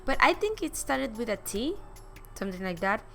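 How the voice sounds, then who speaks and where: A woman's voice: fairly high pitch, very animated, moderate pace. A woman hosting a game playthrough, reading the text aloud and reacting emotionally. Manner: emotional, reacts loudly, says she wants to cry. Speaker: let's play host. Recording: game music clearly behind the voice. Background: game soundtrack music.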